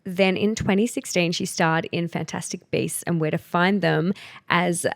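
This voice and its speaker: A woman's voice: on the low side, fairly even intonation, moderate pace, vocal fry. A woman co-hosting a pop culture podcast, leading the segment in casual chat with many fillers. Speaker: podcast co-host.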